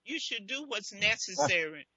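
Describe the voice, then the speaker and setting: A woman's voice: medium pitch, animated, moderate pace, sharp tone, muffled recording. A woman hosting a radio advice show, speaking bluntly and giving frank relationship advice in a casual talk style.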